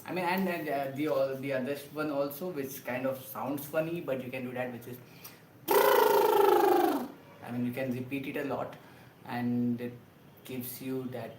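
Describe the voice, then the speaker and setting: A man, an actor casually talking a livestream through voice exercises in loose, halting sentences full of restarts. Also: medium pitch, steady tone, heavy background noise. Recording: roomy echo with faint ambience.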